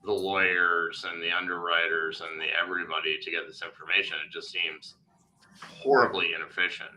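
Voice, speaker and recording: A man's voice: sits low, bright, forceful tone, low-quality recording. A male podcast co-host in casual chat, rambling and thinking aloud with lots of fillers and restarts.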